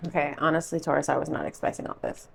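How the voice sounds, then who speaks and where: A woman with a notably low voice hosts a casual tarot reading vlog. She talks in a loose, rambling way, with plenty of fillers and chatty asides. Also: flat delivery, fast talker, vocal fry, a little hiss or hum. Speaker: tarot reader.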